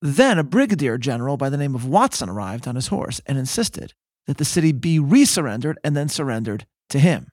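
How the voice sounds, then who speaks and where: A man hosting a podcast, giving a measured, scripted historical narration and reading quotations aloud. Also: mid-range voice, sing-song, darkish tone, breathy edge, no room sound, clean studio sound. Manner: measured, storytelling, reads quotes aloud. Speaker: podcast host.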